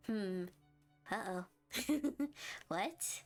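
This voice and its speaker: Young woman streamer, higher voice, unhurried, giggly and chatty with her viewers. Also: lively intonation, soft background music. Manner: giggly, chatty, reads chat aloud and reacts warmly. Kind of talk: live game stream commentary.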